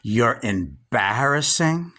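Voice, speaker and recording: A man in his sixties ranting scornfully, straight into the camera, at a relative, pausing to stress his words. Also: medium pitch, sing-song, bright, forceful tone. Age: 60s. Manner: scornful, drawn-out emphatic pauses. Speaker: vlogger. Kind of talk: angry direct-address rant.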